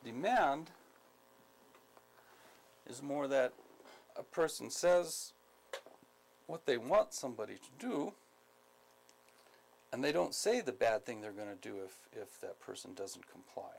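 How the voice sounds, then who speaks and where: A man from the United States giving a skills training lecture, speaking deliberately, repeating key points, with many ums. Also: medium pitch, very animated, creaky, darkish tone, rough recording. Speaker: instructor.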